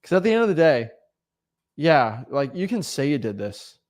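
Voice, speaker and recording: Animated young man coaching, fairly high voice. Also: normal speed. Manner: animated, repeats and restarts words, laughs often. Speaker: real estate wholesaling coach. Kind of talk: casual motivational vlog talk.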